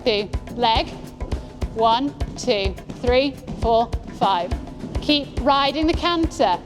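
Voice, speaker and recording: A woman giving calm, encouraging instructions as a riding coach. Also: on the high side, extremely slow, music in the background. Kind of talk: coaching a rider. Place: outdoor riding arena.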